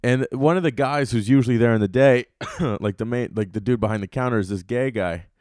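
A man's voice: mid-range voice, a little fast, a little mellow, no room sound, studio quality. A young man hosting a comedy podcast solo, ranting and telling stories in a loose, profane, rambling way. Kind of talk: casual solo podcast rant.

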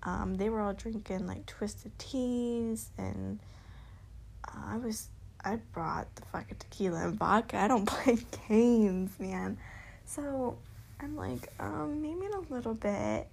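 Young woman vlogger, mid pitch, bubbly, profane, giggly. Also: takes it slowly, gravelly, darkish tone, slight background noise. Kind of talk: casual storytelling.

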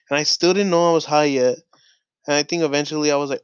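Fairly high-pitched and fast-talking, this young podcast host has a clear, resonant tone as he spins a loose story, dropping "like" constantly and cursing freely. There's no echo, and the recording is dry, dull, and lo-fi.

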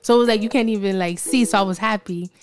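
A teenage girl co-hosting a podcast, telling animated stories in casual chat and switching into Spanish to quote her mother. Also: medium pitch, quick pace. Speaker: podcast co-host.

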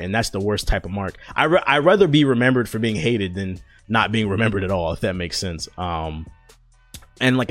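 A young man hosting a podcast, telling stories in a loose, profane, slangy chat full of fillers, on a close mic. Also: fairly low pitch. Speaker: podcast host. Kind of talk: casual storytelling chat.

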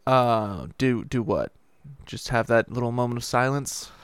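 A man's voice: medium pitch, a little slow, clean tone. A man co-hosting a podcast in casual chat, easygoing and wry with his friend. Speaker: podcast co-host.

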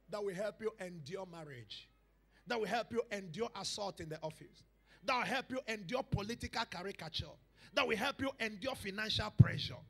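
A male pastor preaching a sermon to a church congregation, dropping to hushed lines and rising to loud shouted calls, repeating phrases for emphasis. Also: sits high, fairly quick, gravelly. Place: church service.

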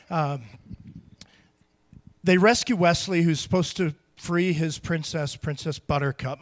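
High-voiced man preaching conversationally. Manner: conversational, animated, acts out quotes with emphasis. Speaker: pastor. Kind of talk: sermon.

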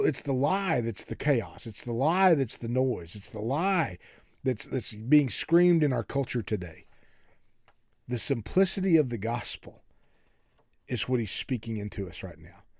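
A man preaches an earnest sermon and often repeats his words. His pitch moves a lot, and at times he sinks to a near whisper. The voice is mellow and dark, recorded close and dry. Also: dry recording. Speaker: pastor.

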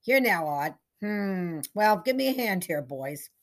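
A woman's voice: medium pitch, expressive, measured pace. A woman reading aloud, voicing a whiny, bossy small-town sheriff.

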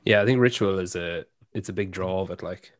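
A man's voice: low voice, brisk, no room sound. A man hosting a casual podcast interview, rambling and hesitant with lots of fillers. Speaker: podcast host.

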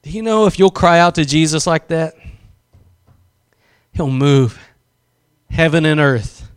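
A man's voice: fairly high pitch, lively intonation, measured pace, clear, resonant tone. A man preaching a sermon, impassioned, drawing out key phrases for emphasis and acting out quotes.

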